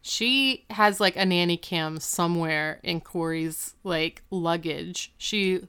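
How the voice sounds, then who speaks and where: A woman's voice: on the low side, slow, smooth. A woman co-hosting a casual podcast, recapping a TV episode and acting out the characters' lines. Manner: animated, retells scenes and acts out the characters' lines. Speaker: podcast co-host.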